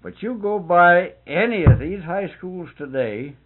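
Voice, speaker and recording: A man in casual conversation, telling stories in a folksy rural dialect with cusses and lively retelling. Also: high-pitched, unhurried. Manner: folksy dialect, swears and laughs, animated retelling. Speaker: storyteller. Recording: muffled phone-like old tape.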